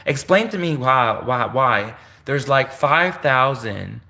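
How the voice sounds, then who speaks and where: Young Canadian male vlogger, mid-range pitch, sarcastic indignant monologue. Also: lively intonation, slow pace, creaky, sharp tone. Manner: indignant, sarcastic, repetitive ranting. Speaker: channel host. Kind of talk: ranting vlog monologue.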